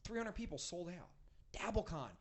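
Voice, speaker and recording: A man's voice: high-pitched, animated, moderate pace. A man guest on a podcast, telling rambling, profanity-laced stories in casual chat. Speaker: podcast guest, rock band frontman.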